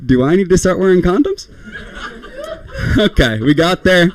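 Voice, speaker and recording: A man's voice: high voice, expressive, moderate pace. A young man performing a rambling, self-deprecating stand-up comedy set, often laughing at his own jokes.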